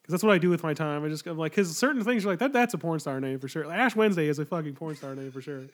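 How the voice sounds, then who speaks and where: A man's voice: a little high, lively intonation, very fast. A man co-hosting a podcast, chatting casually and joking with frequent laughter. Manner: joking, laughs often, trails off. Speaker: podcast co-host. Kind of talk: casual chat.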